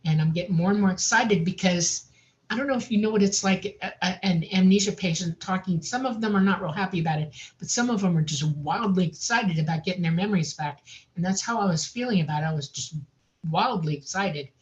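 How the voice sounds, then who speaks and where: A woman recounting a personal experience in a casual, animated way, laughing often and saying "I mean" a lot. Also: fairly low pitch, a little fast, lo-fi sound. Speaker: guest recounting an abduction experience.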